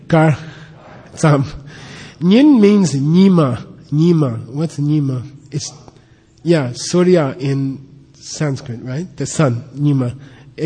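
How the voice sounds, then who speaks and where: In a hall with long reverb, a man lectures on a Buddhist scripture, patiently explaining terms and frequently checking in with his listeners. His voice is a little high, dark in tone and slightly rough.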